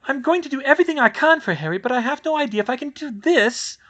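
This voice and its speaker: A man voicing Hermione, a clever and anxious teenage witch girl, raising his voice higher and speaking quickly and earnestly in a fan audiobook reading. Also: very animated, fairly bright tone, exaggerated voice. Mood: overwhelmed.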